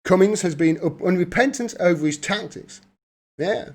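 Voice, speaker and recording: A man's voice: sits high, moderate pace, a little mellow. A man reading news articles aloud and breaking off into sarcastic, laughing commentary, as the host of a political livestream. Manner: mocking, laughs often, reads then riffs.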